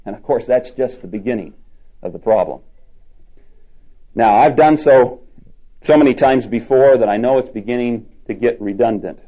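A male preacher delivering a sermon with a dark, mellow tone. He hammers his points home, repeating words and stretching the stressed ones. The sound is dull and lo-fi, like an old tape recording. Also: medium pitch. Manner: emphatic, repeats key words with drawn-out stresses.

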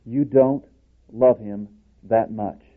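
A man's voice: fairly low pitch, fairly even intonation, takes it slowly. Male preacher, emphatic sermon delivery, tinny lo-fi sound. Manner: emphatic, swings from loud declarations to hushed asides. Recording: tinny phone-like recording.

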